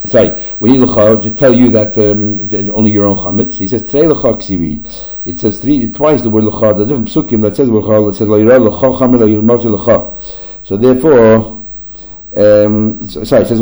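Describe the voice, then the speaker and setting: A man leads a Talmud class at a brisk clip, rattling through arguments with frequent restarts. His voice is very dark and mellow, with an everyday mid-range pitch. He mixes Aramaic terms into his English explanations. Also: poor audio. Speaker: Talmud teacher.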